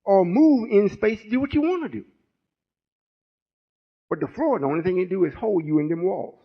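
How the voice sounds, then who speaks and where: Older man, husky voice, slightly raised pitch, folksy preaching, muffled recording. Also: lively intonation, moderate pace. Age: 60s. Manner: folksy, rambling, call-and-response. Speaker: spiritual teacher. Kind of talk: informal sermon teaching.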